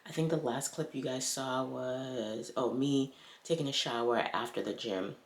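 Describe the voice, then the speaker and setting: A woman's voice: very deep voice, measured pace. A woman vlogger, chatting casually, out of breath and exasperated. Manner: exclaiming, exasperated. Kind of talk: casual vlog chat.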